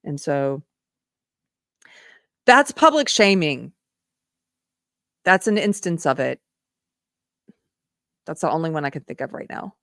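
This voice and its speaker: A woman host speaking in an earnest, conversational manner, often doubling back and restarting her sentences. Her voice sits a little low. The sound is close and dry, with no room echo. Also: sing-song, slow pace, pauses often, fairly bright tone. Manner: earnest storytelling, lots of restarts. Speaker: podcast host. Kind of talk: casual live-stream monologue.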